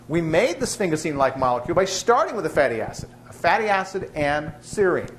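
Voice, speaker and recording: Guy teaching a biochem class, animated voice going up and down, bit of hiss behind. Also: fairly high pitch, fast. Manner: lively, chatty, tells jokes to students. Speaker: biochemistry lecturer. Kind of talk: classroom lecture with jokes. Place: lecture hall with students.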